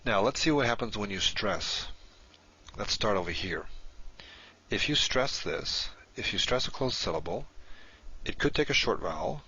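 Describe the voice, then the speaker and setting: A man's voice: lowish voice, lively intonation, moderate pace, bright, forceful tone, slightly rough, muffled recording. A man teaching a recorded lesson, explaining step by step and correcting himself as he goes.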